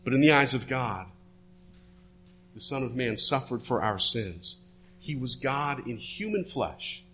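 A man preaching a sermon, retelling a story and dropping his voice low and soft for the quoted words. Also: animated, a little slow, husky. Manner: storytelling, drops to hushed tones for quoted words.

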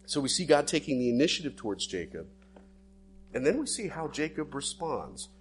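A pastor preaching a sermon, animated, acting out inner thoughts dramatically. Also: male voice, medium pitch, normal speed, soft background music.

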